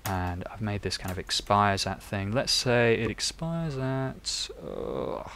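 A man's voice: lowish voice, expressive, slow, vocal fry, a bit bright, a little hiss or hum. A young man chatting and thinking aloud while he codes live on stream. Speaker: developer live-coding on stream. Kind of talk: live coding tutorial.

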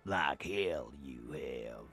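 A gruff video game union boss, with a very deep, gravelly voice. He talks slowly and curtly, throwing out defiant denials with a raw, crackling rasp. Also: lively intonation, a bit bright, soft background music, exaggerated voice. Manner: curt, defiant.

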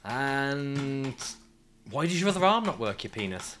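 A man's voice: on the high side, sing-song, fast talker, fairly bright tone, slight background noise. A man streaming a climbing game, ranting, swearing and laughing at his climber as he plays. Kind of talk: live gameplay commentary.

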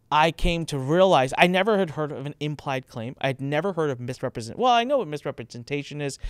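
A man's voice: clear, resonant tone, no echo, clean studio sound. A man hosting a channel, explaining marketing rules in a casual talk to camera, emphatic and acting out quoted speakers. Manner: emphatic, acts out quoted speakers with raised pitch. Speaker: host explaining marketing compliance.

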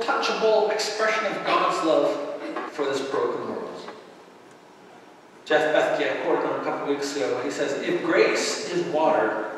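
Animated pastor in an echoey hall. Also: male voice, fairly high pitch. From Canadian Maritimes. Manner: animated, acts out voices and laughs often. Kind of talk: sermon. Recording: echoey hall, speaker far from the mic, faint noise.

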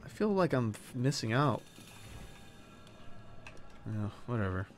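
A man's voice: medium pitch, unhurried. A man giving casual let's-play commentary, cheering, yelping and scolding game characters as he plays. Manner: excitable, yelps and cheers at the game. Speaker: gaming streamer.

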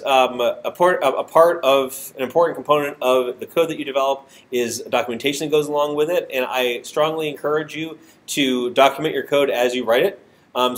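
A man's voice: medium pitch, fairly quick. Nasal guy teaching a java class, lots of ums and uhs, kinda self-deprecating, voice bouncing around a classroom. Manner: filler-heavy, self-deprecating, restarts often. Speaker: university programming instructor. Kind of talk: classroom lecture. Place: classroom with hard walls.

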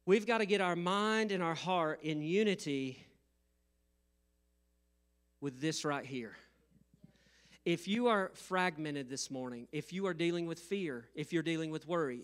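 A middle-aged male pastor preaching a sermon, telling a funny story, laughing often and rising to loud, emphatic bursts. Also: fairly high pitch, unhurried, pauses often, smooth. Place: church sanctuary.

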